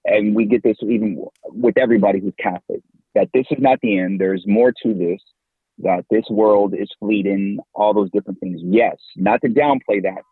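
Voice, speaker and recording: A man in his forties, a podcast guest and campus minister, talking in a lively, slangy way and laughing often. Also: fairly low pitch, moderate pace, husky, dry recording. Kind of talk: casual interview talk. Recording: tinny phone-like line, dry.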